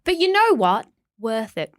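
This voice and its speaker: A woman co-hosting a podcast, chatting casually with wry, deadpan asides. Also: on the high side, unhurried, dry recording, studio quality. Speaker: podcast co-host. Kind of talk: casual chat.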